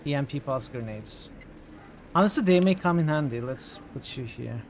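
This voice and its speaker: A man's voice: medium pitch, lively intonation, moderate pace, slight background noise. A man streaming a tactics game, giving casual live commentary as he thinks aloud, corrects himself and reacts with surprised exclamations.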